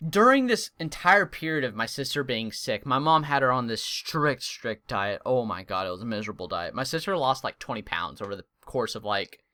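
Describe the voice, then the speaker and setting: A young man hosting a vlog, telling a funny story in an animated, comic way. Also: medium pitch, a little fast, few pauses. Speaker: gaming channel host.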